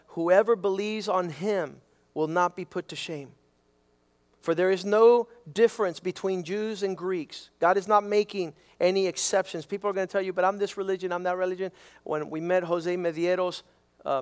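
High-voiced preaching pastor, man. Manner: preaching with emphatic repetition and rising questions. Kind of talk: sermon.

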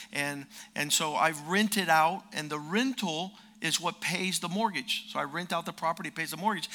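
Gravelly, bright-voiced male preacher. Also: fairly high pitch. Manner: storytelling, acts out quoted dialogue, rises to emphatic peaks. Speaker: preacher and lawyer. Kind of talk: sermon with personal story.

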